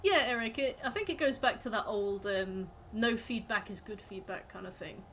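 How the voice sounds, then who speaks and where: Bright, chatty woman streamer. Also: mid-range voice, moderate pace, slight background noise. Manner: chatty, greets chat, rambling and playful. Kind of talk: casual chat while gaming.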